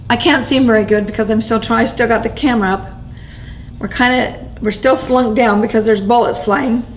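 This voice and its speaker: A woman being interviewed, telling what she witnessed in a shaken, halting way, often restarting and repeating words. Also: a little high, slight background noise, rough recording. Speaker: interviewee recounting events as an eyewitness. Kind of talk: first-person eyewitness account.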